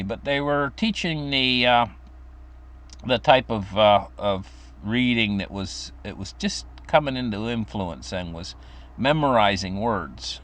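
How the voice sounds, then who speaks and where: An older man casually telling a story from his childhood, rambling with fillers and restarts. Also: a bit bright. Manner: acts out quoted voices in a high pitch.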